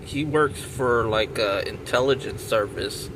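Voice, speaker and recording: A man's voice: mid-range voice, a little slow. A man telling a rambling story in casual talk, restarting and repeating himself with lots of fillers. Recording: loud traffic and outdoor noise.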